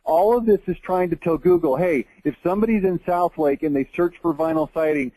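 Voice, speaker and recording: Man, 40s, from texas, blunt marketing tutorial, mellow tone, dry close sound. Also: fairly high pitch, fairly quick, no room sound, rough recording. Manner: blunt, emphatic, mocking asides. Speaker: marketing presenter. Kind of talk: screen-share marketing tutorial.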